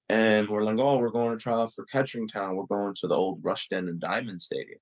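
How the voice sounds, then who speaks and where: Young male podcast guest, low raspy voice, loose rambling storyteller full of fillers. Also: fairly quick, poor audio. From Uruguay and the United States. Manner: fills speech with "like" and "you know". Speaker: podcast guest, soccer player. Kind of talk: casual storytelling interview.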